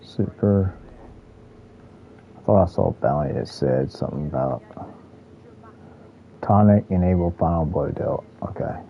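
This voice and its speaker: A military veteran streaming a video game, rambling and thinking aloud with lots of fillers in casual let's-play commentary. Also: male voice, extremely low pitch, moderate pace, vocal fry, long pauses, lo-fi sound, a little hiss or hum.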